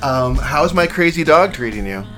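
A man's voice: a little high, expressive, moderate pace. A man in his forties hosting a music podcast, chatty and laughing easily, with lots of fillers. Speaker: podcast host. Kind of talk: casual chat.

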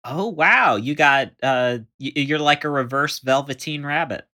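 A male podcast co-host making wry, joking remarks in a casual chat. He speaks slowly and unhurried, with a strikingly bright, sharp tone. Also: a little high. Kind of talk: casual conversation.

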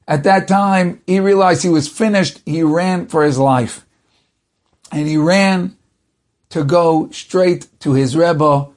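A man telling a religious story dramatically, with animated shifts of pace. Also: high-pitched.

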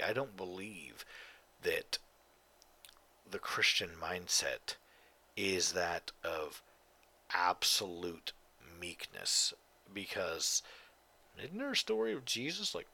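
A man hosts his own podcast late at night, sounding tired and yawning between thoughts. His low voice has a bright, forceful edge, and he rambles, swears freely and hammers his points home. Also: very animated, slow, slightly rough. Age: adult. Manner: profane, rambling, emphatic. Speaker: podcast host. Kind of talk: casual solo monologue.

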